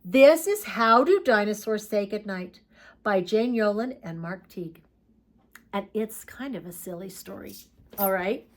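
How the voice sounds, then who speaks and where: A woman teaching a preschool craft class and reading a picture book aloud to young children, slow and playful. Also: medium pitch, animated.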